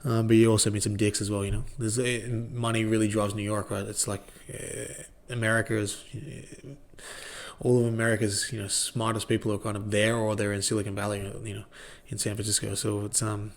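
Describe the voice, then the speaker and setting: A man's voice: lowish voice, flat delivery, fairly quick. A man in his thirties with an Australian accent, chatting as a podcast guest in a laid-back, rambling way and swearing freely. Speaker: guest, former rugby league player. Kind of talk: casual podcast chat.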